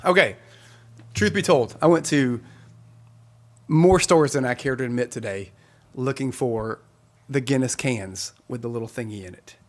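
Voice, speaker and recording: A man's voice: medium pitch, normal speed, long pauses. A man hosting a weekly live concert stream, chatting casually and rambling with his viewers and laughing often.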